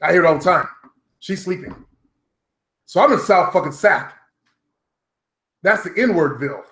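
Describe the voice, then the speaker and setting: A man's voice: a little high, animated, moderate pace, a bit bright. A middle-aged man vlogging at home, talking bluntly and profanely straight to his viewers in a loose, rambling monologue. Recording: roomy echo.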